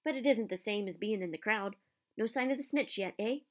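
A woman voicing a big, gruff but kindly male groundskeeper with rough, homely speech in a storybook reading. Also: medium pitch, brisk, close to an everyday voice. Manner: rough country-style speech.

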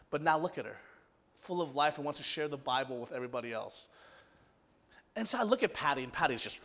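A man preaching a sermon, telling a story that swings from loud excitement to hushed softness. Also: high-pitched, brisk, long reverb tail. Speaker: pastor.

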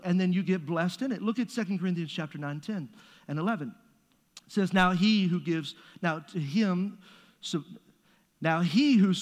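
A man preaching a sermon as pastor, conversational and joking, with playful asides to the congregation. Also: high voice. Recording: long reverb of a large hall.

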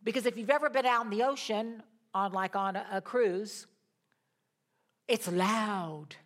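A woman preaching a sermon, retelling a scripture story with animated emphasis and pauses. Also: medium pitch.

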